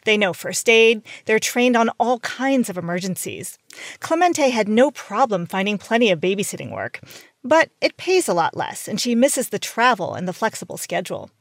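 A woman reporter narrating a radio news feature in a measured, scripted delivery. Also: medium pitch, sing-song, dry recording. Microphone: studio mic.

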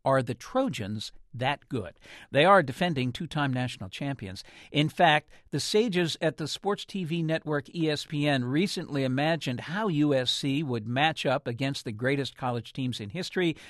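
A man's voice: mid-range voice, animated, moderate pace, no room sound, studio quality. Man hosting a radio interview. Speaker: radio news host. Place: radio studio. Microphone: studio mic.

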